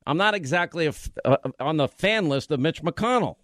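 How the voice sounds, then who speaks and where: A man hosting a talk radio show from a studio, ranting in a forceful, exasperated way into a studio mic. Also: fairly high pitch, lively intonation, brisk, no room sound. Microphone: studio microphone.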